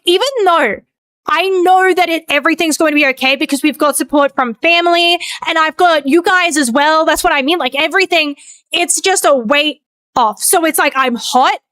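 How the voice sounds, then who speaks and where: A high-pitched woman streamer talks casually at the end of a stream. She rambles and vents with frequent swearing, and thanks her viewers. The sound is dry, with no room echo. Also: normal speed, a bit bright. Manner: rambling, venting, swears freely.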